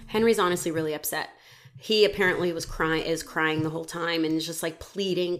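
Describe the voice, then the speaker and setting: A woman hosting a podcast, telling a true crime story in casual chat, animated, laughing often and swearing freely. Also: sits low, a little fast.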